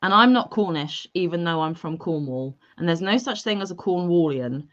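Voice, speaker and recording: A playful woman, chatting and reading out viewer messages on a casual livestream. Her voice sits a little low, and the audio is dull and lo-fi. She keeps a lively, joking back-and-forth going. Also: normal speed. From England (Devon). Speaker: livestream co-host. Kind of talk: casual chat. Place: home livestream.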